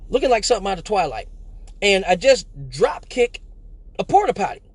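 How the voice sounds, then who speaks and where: High-voiced, profane male storyteller. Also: a little fast, breathy edge, dry recording. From Michigan. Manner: profane, animated, slangy storyteller. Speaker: live show host. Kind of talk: casual storytelling on a live stream.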